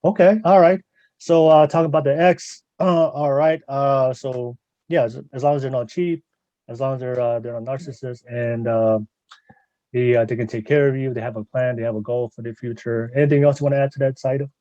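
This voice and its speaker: A man's voice: medium pitch, fairly quick, no echo, highs cut off. Easygoing male podcast host. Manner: relaxed, filler-heavy, prompting guests. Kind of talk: casual chat.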